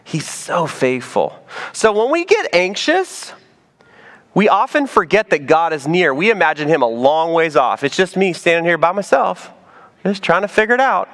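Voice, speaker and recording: A man preaching a sermon as pastor, animated and playful, dropping to soft emphasis on key points. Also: high voice, moderate pace.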